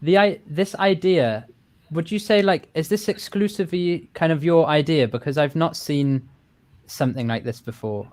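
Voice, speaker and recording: A man's voice: on the high side, normal speed, darkish tone. A man co-hosting a podcast, eagerly asking the guest curious questions. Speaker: podcast co-host. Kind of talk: casual chat.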